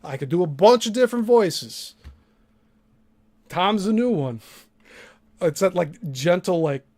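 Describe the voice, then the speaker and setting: A man's voice: high-pitched, expressive, measured pace, a little mellow. A man hosting a reaction commentary, talking in a sarcastic, blunt way and swearing freely. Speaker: host.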